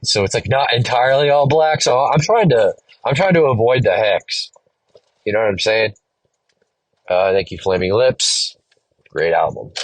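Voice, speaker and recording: A man's voice: fairly low pitch, no room sound, rough recording. A young man hosting a solo podcast, rambling through a profane, slangy story with lots of animation. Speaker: podcast host. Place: in a car.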